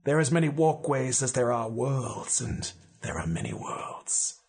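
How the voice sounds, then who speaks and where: A man voicing an ancient, towering male voodoo spirit who guards the gateways, speaking slowly in a grave, hushed tone. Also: mid-range voice, very animated, breathy edge. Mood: solemn.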